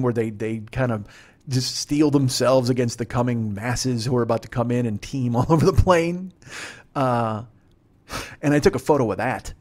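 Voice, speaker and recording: A man's voice: medium pitch, gravelly, darkish tone. Man telling a rambling, profane story. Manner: profane, rambling, self-deprecating. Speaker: comedian podcast host. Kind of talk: casual comedic storytelling.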